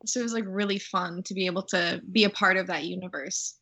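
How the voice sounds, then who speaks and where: A woman's voice: fairly low pitch, fairly even intonation, fast, gravelly, crowd noise. A young woman, an actor, chatting breezily in an interview with plenty of "like" and "um". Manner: breezy, lots of "like" and "um". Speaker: actor guest. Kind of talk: casual interview chat.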